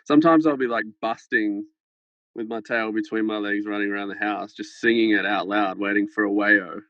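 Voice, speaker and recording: A man's voice: fairly low pitch, steady tone, moderate pace, a bit bright, no room sound, lo-fi sound. A man guest on a podcast, telling a rambling, swear-filled anecdote in casual chat over a phone held close to his head. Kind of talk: casual storytelling. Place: farmhouse.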